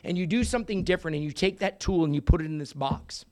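High-voiced animated older man storyteller. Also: fast talker. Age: 60s. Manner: animated, swings from hushed to loud, profane humor. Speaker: recovery meeting speaker. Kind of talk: storytelling talk.

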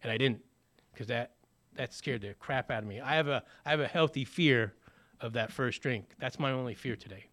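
A man's voice: medium pitch, moderate pace, a bit bright. Guy telling his recovery story, chatty, lots of uh's, plays out the back-and-forth. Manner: conversational, many fillers, acts out quoted dialogue. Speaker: speaker sharing a recovery story. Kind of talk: personal storytelling testimony.

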